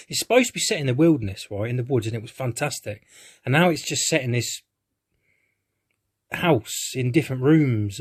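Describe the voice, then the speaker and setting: A man giving a rambling, hesitant live-reaction film review, who swears casually and keeps restarting his sentences. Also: medium pitch.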